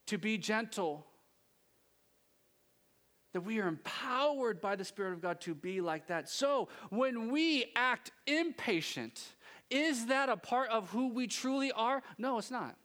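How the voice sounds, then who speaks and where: A man preaching a sermon from a church stage, talking in a lively, joking, conversational way. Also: extremely high pitch, measured pace. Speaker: pastor.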